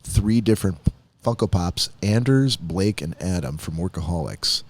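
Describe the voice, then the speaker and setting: A man's voice: deep voice, lively intonation. A man co-hosting a podcast in casual, joking banter, laughing often between lines. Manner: joking, quick laughs, playful. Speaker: podcast co-host.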